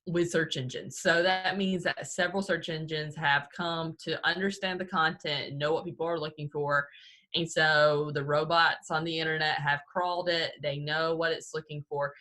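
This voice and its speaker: A woman's voice: sits low, fairly bright tone. A young woman co-hosting a podcast in a chatty, casual way, often saying "like". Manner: chatty, peppered with "like". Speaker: podcast co-host.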